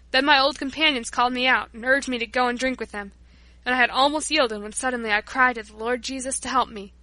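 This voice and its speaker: A woman reading aloud gives voice to a humble, repentant workman and former drunkard, earnest and pleading. The voice sits fairly high and bright with a keen edge, recorded close and dry with no room sound. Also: dry recording. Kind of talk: audiobook narration.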